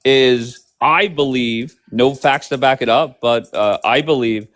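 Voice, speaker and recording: A man of middle pitch hosting a live political debate stream. He talks casually, jumps in over his caller and keeps pushing for a straight answer. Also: a little slow, a bit bright. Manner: pressing, interrupting, asks for yes or no.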